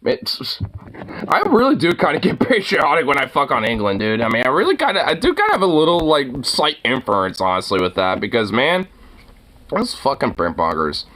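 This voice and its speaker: An American streamer reacts to viral clips with casual, profane commentary, rambling with lots of filler words and mocking laughter. The voice is medium-pitched and fairly bright, brisk, with wildly swooping pitch.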